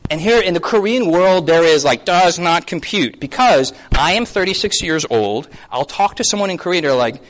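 A man in his thirties preaching a sermon as a pastor, keeps asking the audience yes or no, and acts out quick voices. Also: on the high side, lively intonation. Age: 30s. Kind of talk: lively sermon to a congregation.

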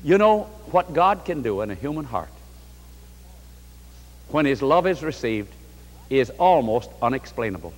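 A man's voice: mid-range voice, very animated, measured pace, pauses often, long reverb tail. A man preaching a sermon to a large congregation, from New York State, in a fervent, rising and falling delivery. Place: large hall before a congregation.

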